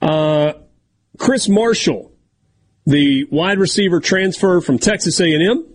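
A man's voice: high-pitched, slow pace, a little hiss or hum. A man hosting a sports talk radio show, chatting casually and reading sponsor copy. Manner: talkative, leads the segments.

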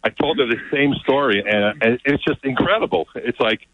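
A man telling an excited story as a guest, often repeating his words. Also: mid-range voice, moderate pace, a little hiss or hum. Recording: dull, lo-fi sound.

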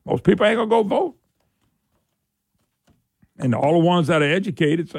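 A man's voice: sits high, expressive, normal speed, a little mellow, husky, dry recording. A man hosting a call-in radio talk show, telling stories in a folksy way. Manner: folksy storyteller, acts out quoted voices.

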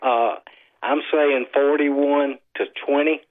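A man calling into a radio show who keeps things brisk and to the point. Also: medium pitch, steady tone. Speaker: radio caller. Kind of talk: phoned-in chat. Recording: dull lo-fi phone line.

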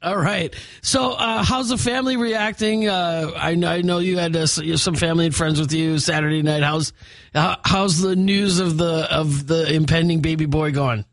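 A woman's voice: deep voice, moderate pace, no room sound. A woman hosting a live morning radio show, chatty and full of fillers. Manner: chatty, many fillers and restarts. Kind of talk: upbeat live radio banter. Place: radio studio.

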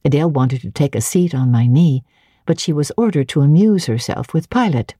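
Woman reading a classic novel aloud, low voice, husky, first-person audiobook narration, expressive. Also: brisk, dry recording, studio quality. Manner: expressive, clearly paced reading.

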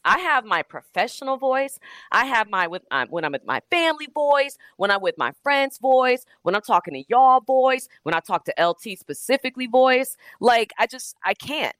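A woman's voice: fairly high pitch, big pitch swings, normal speed, fairly bright tone, no echo. A woman hosting a call-in radio talk show, talking in an emphatic, slangy way and firing off rhetorical questions into a studio microphone.

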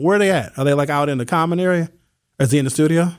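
A man hosting a radio talk show, speaking casually and telling stories in slangy, animated speech. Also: on the high side, very fast, clear, resonant tone, dry recording, clean studio sound. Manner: animated storytelling, slangy, reads listener texts. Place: radio studio. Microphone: studio microphone.

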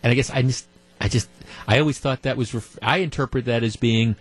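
A man's voice: medium pitch, fairly quick. A man hosting a talk radio show, talking through his opinions in a conversational way, with frequent restarts and repeated words. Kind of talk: talk radio commentary with callers. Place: radio studio.

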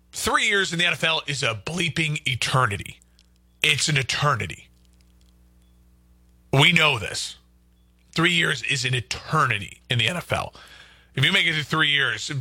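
A man's voice: medium pitch, pushed and bright, no echo. A man hosting a local sports talk radio show, arguing his points emphatically and repeating them for stress.

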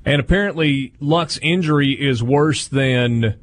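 A man hosting a sports talk radio show in a studio, running through schedules and promos in a brisk, dry way. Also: medium pitch.

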